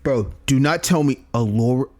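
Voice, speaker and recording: A man reacting to a video game as he plays, excitable and swearing freely at the screen. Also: medium pitch, normal speed, faint music behind. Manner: excitable, swears a lot, talks back at the screen. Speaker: gaming video creator. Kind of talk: live reaction commentary while playing a game.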